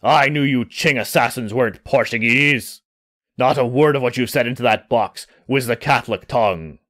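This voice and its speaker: A man's voice: mid-range voice, moderate pace, fairly bright tone, dry recording, clean studio sound, pitched below the performer's own voice, lightly acted. A man playing a stern pirate with old sea speech.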